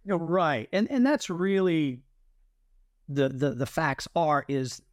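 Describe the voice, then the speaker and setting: Animated man telling his story. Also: fairly high pitch, slow, no room sound, studio quality. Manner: animated storyteller, acts out quoted voices. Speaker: guest, military veteran and artist. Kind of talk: testimony in an interview.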